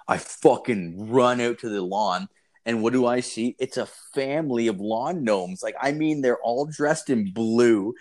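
A man's voice: medium pitch, measured pace, a little mellow. A young man co-hosting a podcast, telling rambling, profane stories in casual chat and laughing through them. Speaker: podcast co-host.

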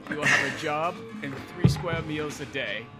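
A man's voice: on the high side, normal speed, over loud music, lightly acted. A man doing a falsely soothing villain.

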